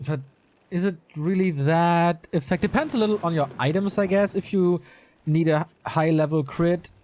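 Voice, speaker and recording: A man's voice: a little high, normal speed, darkish tone, slight background noise. A man co-casting a strategy game match, bantering and joking at his own expense. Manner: joking, self-mocking banter. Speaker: esports caster. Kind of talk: casual game commentary.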